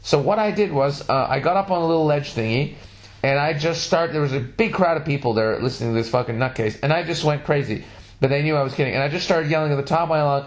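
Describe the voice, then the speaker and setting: A man hosting a casual podcast, telling stories in a profane, animated way. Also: fairly high pitch, quick pace. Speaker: podcast host.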